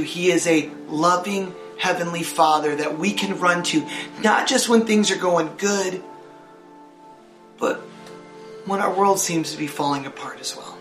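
Older man, pastor delivering a sermon; high voice, earnest, restarts his words; roomy echo, faint music underneath. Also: moderate pace, fairly bright tone. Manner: earnest, repeats words as he speaks.

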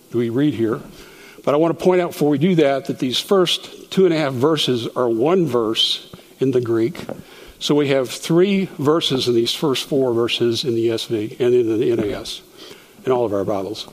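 A man at a middle pitch leads a verse-by-verse Bible study and explains each phrase to his group. He often breaks off and restarts a word. His voice carries a long reverb, as if recorded in a church hall. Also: darkish tone. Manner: explanatory, stops to restart words.

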